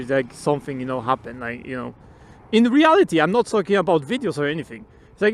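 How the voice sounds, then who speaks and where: A man's voice: on the high side, big pitch swings, a little fast. A man riding outdoors on a motorbike, giving his opinions in a rambling, casual way, swearing freely and laughing often. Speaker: motovlogger.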